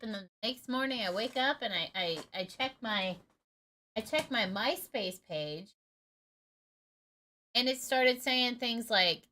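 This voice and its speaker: This is a woman in her thirties chatting on a home stream. Her voice is sharp, bright and sits a touch high. She speaks candidly and casually, and she swears without holding back. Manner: candid and blunt, swears freely. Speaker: gaming streamer. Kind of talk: casual storytelling.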